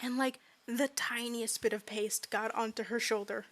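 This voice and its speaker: A young woman runs a tabletop game, describing the scene in quick bursts full of fillers. Her voice is high and bright, heard close and dry through a home mic. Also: steady tone, no room sound. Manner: fast, filler-heavy narration with laughs. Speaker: game master.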